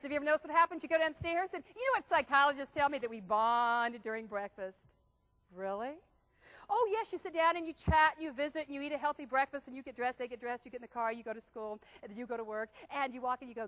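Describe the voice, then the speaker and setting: A middle-aged woman leads a seminar on stress in front of a live audience, her voice high and bright. She talks fast, throws questions at the room and acts out everyday family scenes. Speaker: stress management speaker. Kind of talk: motivational seminar talk.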